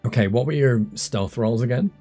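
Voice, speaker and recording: A man running a tabletop game as dungeon master, talking in a relaxed, hesitant way with many fillers. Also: mid-range voice, moderate pace, faint music behind.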